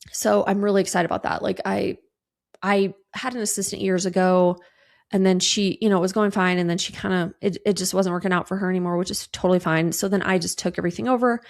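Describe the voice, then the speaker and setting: A woman's voice: mid-range voice, steady tone, a little fast, gravelly. A woman in her thirties hosting a casual solo podcast, chatting breezily, swearing casually and acting out quoted conversations. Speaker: podcast host.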